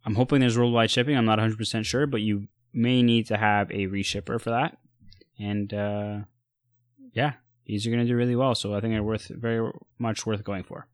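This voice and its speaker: A man with a lowish voice chats casually, stopping and restarting with many fillers as he weighs which releases to buy. The sound is close and dry, with no room around it. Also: fairly quick, no room sound. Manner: relaxed, many fillers and restarts, giving buying advice. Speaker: sneaker and streetwear co-host. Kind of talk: casual chat.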